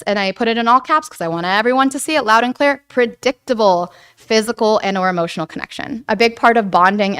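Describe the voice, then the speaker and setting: A woman giving a casual, chatty lecture to a church group, animated and often checking in with "right?". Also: mid-range voice, clear, resonant tone. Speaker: guest speaker on attachment theory.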